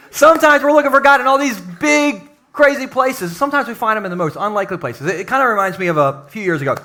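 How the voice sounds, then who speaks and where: Man, pastor, live church sermon, high voice, bright forceful tone, playful storytelling. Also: quick pace, few pauses. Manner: lively, joking preaching with acted-out quotes. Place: church sanctuary, live service.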